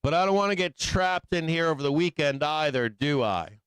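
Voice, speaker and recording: A man hosts a live trading stream, walking through charts in a loose, slangy way and asking constant tag questions. His voice sits a little high for a man and comes across very smooth and resonant. The sound is dry and close, with no room echo. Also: lively intonation, moderate pace, fairly bright tone. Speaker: host.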